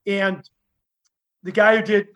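A man telling lively stories as a guest, acting out the other people in his tales. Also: high-pitched, slow, highs cut off. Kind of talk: animated anecdotal storytelling.

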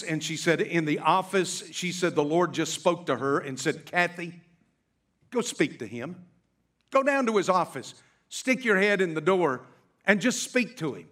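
A middle-aged male pastor telling a story in a sermon, slowing down and drawing out key words for emphasis. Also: on the high side, a bit bright.

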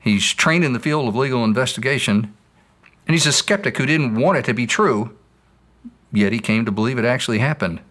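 A man's voice: medium pitch, brisk, fairly bright tone. Patient man explaining with a fable. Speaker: apologist answering questions. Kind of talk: scripted dialogue.

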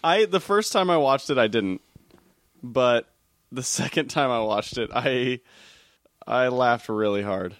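A man's voice: medium pitch, unhurried, fairly bright tone, dry recording, studio quality. A man hosting a casual podcast chat, rambling with restarts and swearing freely.

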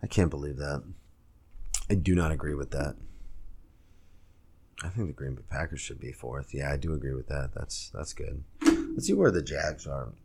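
A young man hosts a solo podcast from a room at home, rambling through stories and sports talk in a loose, filler-heavy way. His voice sits very low. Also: expressive, moderate pace, vocal fry, pauses often, a little mellow, husky. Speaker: podcast host and stand-up comic. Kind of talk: casual solo podcast rant. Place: home room, girlfriend nearby.

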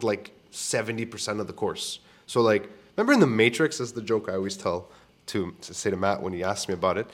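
A young man with a slightly low voice tells stories on his podcast. His delivery is casual and blunt, full of profanity and restarts. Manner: candid, swears freely, frequent restarts. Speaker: podcast host. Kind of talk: casual storytelling monologue.

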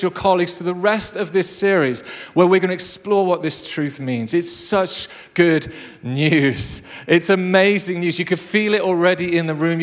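A man preaching a lively, jokey sermon to a live congregation. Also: sits high. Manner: enthusiastic, jokey storyteller. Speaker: pastor. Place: church hall with a live congregation. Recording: long reverb of a large hall.

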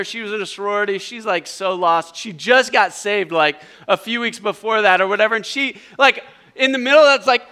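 A middle-aged man speaking at a retreat, telling an animated story in a sermon and acting out the voices of the people in it. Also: sits high, clear, resonant tone.

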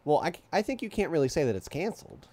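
A man's voice: a little high, very animated, fast, darkish tone. A man co-hosting a podcast in casual chat, with dry humor, steering the conversation. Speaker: podcast co-host.

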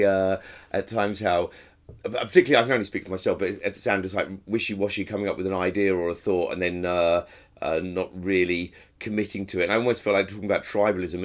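Low-voiced man with a cold. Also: fairly bright tone. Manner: chatty, self-mocking, laughs often. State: has a cold. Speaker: podcast co-host. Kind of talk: casual chat.

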